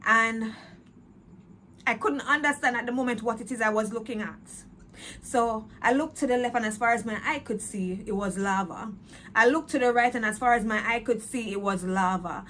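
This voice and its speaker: A woman's voice: a little high, moderate pace, fairly bright tone, slight background noise. A woman telling her personal faith testimony, earnest and repetitive, slipping into patois. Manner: earnest, repetitive, emotional retelling. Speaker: testimony speaker.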